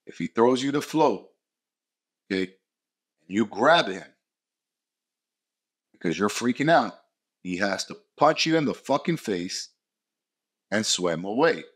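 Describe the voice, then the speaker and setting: A man's voice: lowish voice, animated, slow pace, pauses often, a bit bright, husky. Blunt, cursing motivational man. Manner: blunt, profane and emphatic; repeats short punchy phrases. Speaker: podcast host. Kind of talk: motivational podcast monologue.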